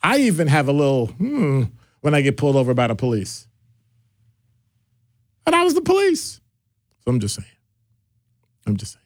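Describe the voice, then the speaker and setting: A man hosting a radio talk show in a casual, animated way, with playful asides as he moves between topics. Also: medium pitch, fairly quick, long pauses, dry recording, studio quality.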